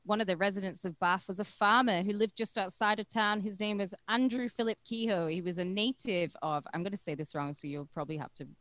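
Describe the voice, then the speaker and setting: A woman's voice: mid-range voice, a little fast, few pauses, a bit bright, no echo. A woman co-hosting a podcast, telling a true-crime story in a casual, irreverent way with crude jokes along the way. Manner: irreverent and crude, joking between facts.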